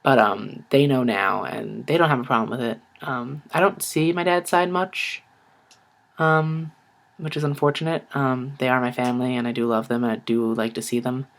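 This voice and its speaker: A young man tells a story from his own life in a casual video, chatty and relaxed. He keeps saying "like" and acts out the lines of other people as he goes. His voice sits at an ordinary middle pitch. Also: moderate pace, gravelly. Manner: chatty, lots of "like" and "I was like", acts out quotes. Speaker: vlogger.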